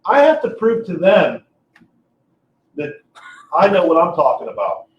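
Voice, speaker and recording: A man's voice: sits high, very animated, a little slow, recorded from a distance. Blunt man, echoey and off-mic. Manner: blunt, repeats himself. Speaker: podcast co-host, fire chief officer. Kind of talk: casual chat. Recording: echoey room, set back from the mic, dull and slightly noisy.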